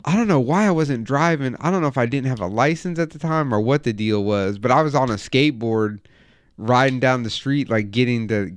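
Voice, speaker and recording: A man's voice: mid-range voice, a little fast, no room sound. A man in his thirties telling a wild, profane story in casual chat as a podcast host. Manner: profane, animated anecdote telling.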